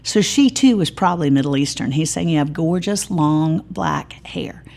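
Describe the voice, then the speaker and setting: A middle-aged woman, giving a sermon-style Bible teaching with lively storytelling and humorous asides. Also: low voice, normal speed, vocal fry.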